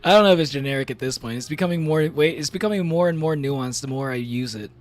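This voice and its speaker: A man's voice: on the high side, fast. A man chatting casually on a game stream, rambling with many fillers and frequent laughs. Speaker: VTuber streamer.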